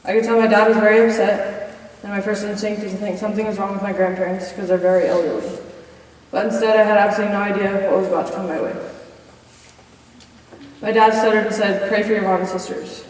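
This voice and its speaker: A woman's voice: mid-range voice, fairly even intonation, fast talker, a little mellow. Earnest young woman in an echoey chapel. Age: 20s. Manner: earnest, reads from notes with slide cues. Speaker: college senior speaker. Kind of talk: personal testimony in chapel. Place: chapel hall. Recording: echoey hall from far off.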